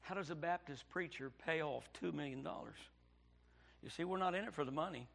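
Preaching a story-driven sermon, an Indiana Baptist pastor ranges from quiet, hushed moments to near shouting. He speaks a little fast in a gravelly male voice that sits on the high side.

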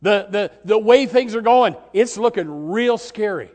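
High-voiced impassioned preacher man. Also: animated, unhurried. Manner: impassioned, swings between shouting and soft pleading. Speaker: pastor. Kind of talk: sermon.

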